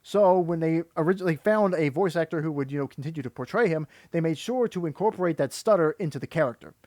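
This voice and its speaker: Man, high-pitched voice, dry close sound, exasperated commentary rant, rambling restarts. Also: fast talker, darkish tone, dry recording. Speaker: YouTuber and voice actor.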